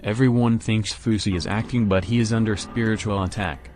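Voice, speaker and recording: A computer-generated male voice reading out viewer donation messages in a flat way. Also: on the low side, a little fast, slight background noise. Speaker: text-to-speech donation reader.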